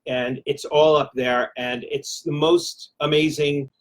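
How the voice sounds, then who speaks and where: A man who is a guest author in a casual chat, soft-spoken and full of compliments. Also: on the high side, fairly even intonation, slow.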